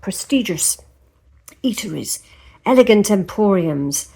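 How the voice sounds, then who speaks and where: A woman putting on a playful French accent while reading lines aloud, slow and savoring. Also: mid-range voice, expressive, creaky, mellow, husky, exaggerated voice.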